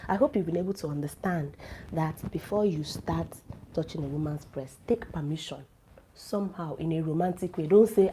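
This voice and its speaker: A woman's voice: low voice, brisk, mellow, a little hiss or hum, low-quality recording. Blunt, coughing woman with a flu. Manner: blunt, teasing, lecturing directly to listeners. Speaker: relationship advice vlogger. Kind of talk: frank advice talk to camera.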